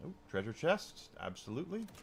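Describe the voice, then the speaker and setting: A man's voice: fairly high pitch, sing-song, a little fast, gravelly. A man streaming a video game, chatting casually with viewers in a rambling way with frequent restarts.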